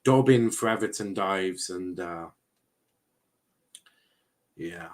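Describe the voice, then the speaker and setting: Fairly low yet expressive, with a fairly bright tone, a slow pace and long pauses, this young English man runs a casual live football watchalong on a rough recording. He trades banter with chat in feigned outrage and keeps restarting his sentences.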